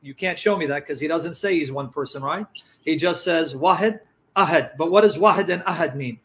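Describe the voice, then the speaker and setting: A man's voice: a little high, a little fast, poor audio. A man in a live religious debate, pressing his opponent with questions and reading scripture aloud. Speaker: Christian debater.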